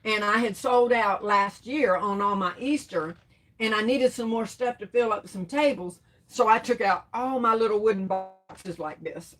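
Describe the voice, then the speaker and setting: A middle-aged woman hosting a casual crafts livestream, reading out comments and answering them with terms of endearment. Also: mid-range voice. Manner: warm terms of endearment, chatty, laughs often.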